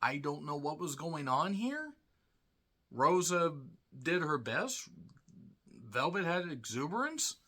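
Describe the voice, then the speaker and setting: Blunt, sarcastic man with a lively bright voice. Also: fairly high pitch, takes it slowly, pauses often. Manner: blunt, sarcastic, swears freely. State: tired. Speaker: wrestling show reviewer. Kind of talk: casual solo review commentary.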